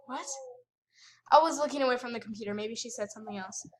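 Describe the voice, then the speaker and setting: A woman's voice: a little high, quick pace. A woman ranting with sassy indignation while commentating her gameplay at home by the computer. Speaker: gaming channel host.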